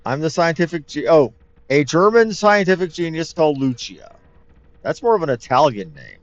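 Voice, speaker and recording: A man's voice: a little high, animated, normal speed, no room sound. A man hosting a let's play, giving chatty, wry commentary full of rambling asides. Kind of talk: casual gameplay commentary. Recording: dull lo-fi mic with game music.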